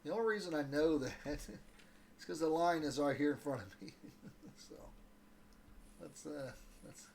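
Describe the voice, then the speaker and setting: A man's voice: on the high side, moderate pace, creaky, long pauses, slight background noise. A man from Ohio chatting casually over a fishing game, rambling into stories and chuckling often. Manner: relaxed and rambling, storytelling between casts, chuckles often. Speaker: gaming channel host. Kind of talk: casual gameplay commentary.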